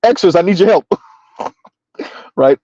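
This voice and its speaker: A man's voice: high-pitched, expressive, unhurried, dark tone, no room sound. Laughing man on a dull, dry mic. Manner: laughing, reads viewer comments aloud. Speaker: commentary channel host. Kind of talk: casual live-stream commentary.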